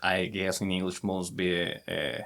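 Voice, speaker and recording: Mexican guy speaking english, bit hesitant, lower voice, restarts a lot. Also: level tone, normal speed, a bit bright. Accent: Mexican Spanish. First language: Spanish. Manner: hesitant, frequent restarts, laughs easily. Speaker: podcast co-host, English learner. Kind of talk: casual conversational lesson.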